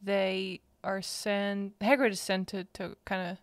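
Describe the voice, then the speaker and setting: A woman co-hosting a podcast, chatting casually about a book and pausing to search for words. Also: medium pitch, level tone, no echo. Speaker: podcast co-host.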